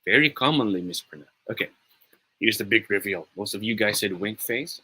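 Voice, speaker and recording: A man's voice: lowish voice, lively intonation, a little fast, bright, forceful tone, husky, low-quality recording. A young man with a Filipino accent, teaching an upbeat and encouraging online pronunciation lesson, often slipping into Tagalog. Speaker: online tutor.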